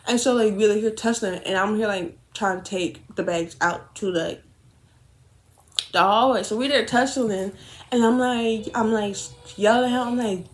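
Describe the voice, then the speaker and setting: A young woman telling a rambling, animated story while doing her makeup, swearing often and correcting herself as she goes. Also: on the high side, moderate pace.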